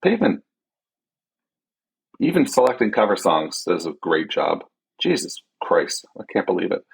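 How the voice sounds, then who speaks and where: A man's voice: low-pitched, big pitch swings, moderate pace, creaky, slightly rough, poor audio. A man hosting a podcast on his own, chatting casually in a rambling, loose way with lots of fillers and the odd swear word. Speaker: podcast host. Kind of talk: casual solo podcast chat.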